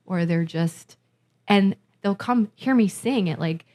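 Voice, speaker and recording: A woman's voice: mid-range voice, slow pace. A woman from Massachusetts, a musician and festival organizer, tells her stories on a podcast with a lot of feeling. She talks in an ordinary middle register and acts out what others said. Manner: animated, emotional storyteller, acts out quotes. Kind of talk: casual podcast chat, storytelling.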